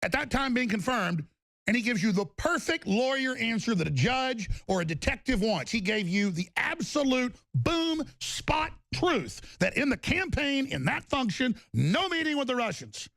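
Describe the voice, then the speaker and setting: A male talk radio host holds forth in a heated, insistent rant and hammers his points again and again. His voice sits fairly high and has a rough, gravelly edge. The sound is close and dry. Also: sing-song, normal speed, fairly bright tone, no room sound. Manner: heated, emphatic ranting with repetition.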